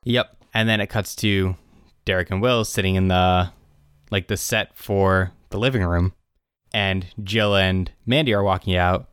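Young male podcast co-host, animated recap, smooth clear tone, dry close sound. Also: deep voice, measured pace, no echo. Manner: animated retelling, quotes characters in raised voices. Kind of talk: casual chat.

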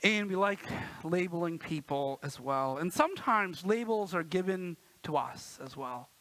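In a low-quality recording, this pastor in his thirties speaks with a high, fairly bright voice, lively intonation, and a measured pace. His church sermon is playful and conversational, full of "right?" asked of the congregation and quotes acted out in a raised voice.

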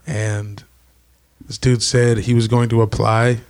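A man co-hosting a podcast, chatting casually about a basketball game, relaxed and joking. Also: medium pitch, slow pace. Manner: relaxed, joking, laughs along. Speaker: podcast co-host.

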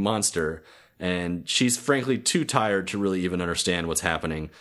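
A man casually retelling a cartoon episode on a podcast, halting with many restarts and fillers. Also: sits low, a bit bright. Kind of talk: casual chat.

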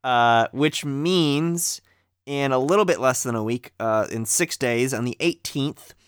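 A man's voice: medium pitch, unhurried, clean tone, dry recording. A young man co-hosting a casual podcast, easygoing and matter-of-fact, with dry asides. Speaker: podcast co-host.

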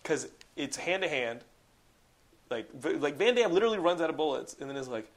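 A young man hosting a podcast in casual chat. He is excitable, swears and says "like" a lot. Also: fairly high pitch, brisk. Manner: excitable, profane, heavy use of "like". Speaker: podcast host.

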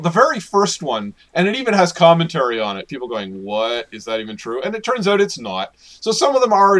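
A man's voice: medium pitch, a bit bright. A man co-hosting a casual podcast chat, laughing often and talking animatedly. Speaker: podcast co-host.

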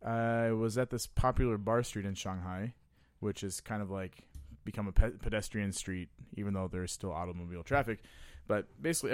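A man's voice: fairly low pitch, dry recording, clean studio sound. Crude laughing man telling a story. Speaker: podcast guest. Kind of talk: casual storytelling.

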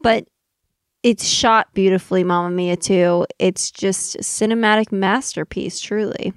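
A woman's voice: medium pitch, fairly even intonation, a little slow, clean tone, dry recording, clean studio sound. Blunt, teasing woman on a podcast. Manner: blunt, swears casually, teasing. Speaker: podcast co-host. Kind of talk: casual comedic podcast chat.

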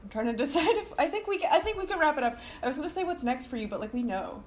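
A woman hosting a casual podcast chat, playful and quick to laugh, dropping slangy asides. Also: sits high, big pitch swings. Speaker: podcast host.

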